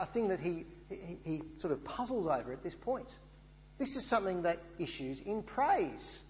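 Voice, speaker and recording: A man preaching a sermon in an earnest way, often asking rhetorical questions. The recording sounds dull and has a long hall reverb. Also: high voice.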